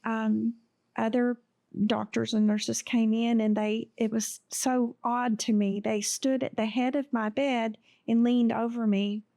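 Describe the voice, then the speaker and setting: A woman recounting her own story as an interview guest. She speaks slowly and haltingly, pausing often. Her voice is gravelly and dark, and the sound is dry and close. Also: a little high, little pitch movement, dry recording. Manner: halting and emotional, with many pauses and fillers. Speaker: podcast guest. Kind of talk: telling a personal story in an interview.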